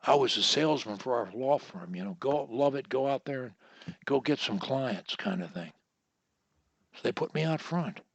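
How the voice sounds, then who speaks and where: A man coaching one-on-one over a video call, explaining techniques in a deliberate, instructive way and drawing words out. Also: mid-range voice, animated, vocal fry, slightly rough, no room sound, muffled recording. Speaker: speech coach.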